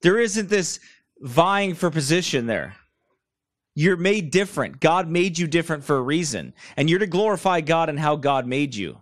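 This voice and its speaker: A man preaching from a chair, blunt and mocking as he wanders into side stories. His voice sits a bit high for a man. The sound is dry and close, with little room echo. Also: expressive, normal speed. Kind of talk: sermon. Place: church room, speaker seated.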